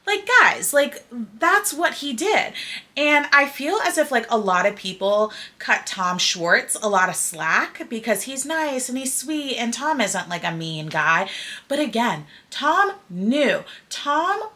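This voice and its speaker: Animated young woman host, bright voice. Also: a little high, slow pace. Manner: animated, opinionated, heavy use of "like". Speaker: podcast host. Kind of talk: casual pop culture chat.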